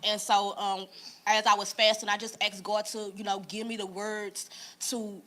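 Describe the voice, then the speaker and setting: A woman with a mid-range voice speaks at a moderate pace, sharing a personal testimony in a casual church talk. She tells her story earnestly and conversationally, quoting people in lively voices.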